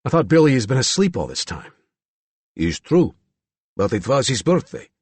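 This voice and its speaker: A harsh, hostile Eastern European man, put on by a male narrator, talking in slow, broken English with a thick Slavic accent. The husky voice swings widely in pitch and sounds close and dry. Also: sing-song, darkish tone, no room sound. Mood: grim. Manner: slow, menacing, clipped.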